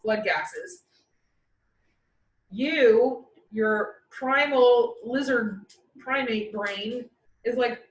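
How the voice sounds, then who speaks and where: A woman chatting casually and explaining animal behavior, acting out the animals' thoughts in lively asides. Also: fairly high pitch, very slow, pauses often, lo-fi sound. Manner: lively, acts out animals' inner voices. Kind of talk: casual chat. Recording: roomy echo, far from the mic, faint background noise.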